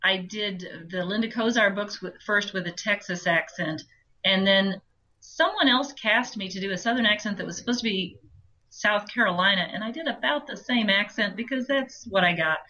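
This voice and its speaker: A woman audiobook narrator chatting as an interview guest, explaining her work with quick asides. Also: mid-range voice, pushed and bright, low-quality recording. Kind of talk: interview chat.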